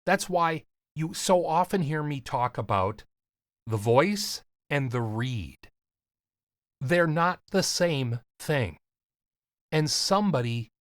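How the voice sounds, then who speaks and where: A man with a slight lisp, coaching on voiceover in an earnest, emphatic talk to camera with deliberate pauses. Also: mid-range voice, no room sound, studio quality. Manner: casual, swears lightly. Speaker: voiceover coach and podcast host.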